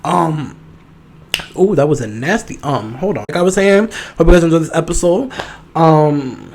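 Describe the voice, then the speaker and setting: A man's voice: on the high side, lively intonation, moderate pace, darkish tone. A young man hosting a solo podcast, chatting casually in a sassy, profane, campy manner. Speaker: podcast host.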